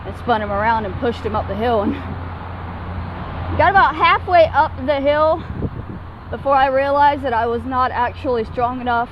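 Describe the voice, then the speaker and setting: A woman's voice: sits high, moderate pace, muffled recording, noisy background. A woman out of breath from walking uphill, talking in a rambling, swearing vlog recorded outdoors on a city street. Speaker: vlogger in a played clip. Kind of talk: casual vlog while walking.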